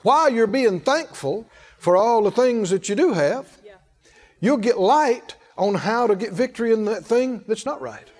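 Male preacher, high voice, emphatic sermon delivery, long hall echo. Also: lively intonation, a little slow, a little mellow. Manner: emphatic, calls on the congregation to respond.

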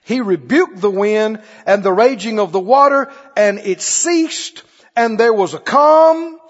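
High-voiced husky preacher in an echoey hall. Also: male voice, a little slow, muffled recording. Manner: quizzes the congregation with repeated questions. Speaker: pastor. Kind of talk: sermon.

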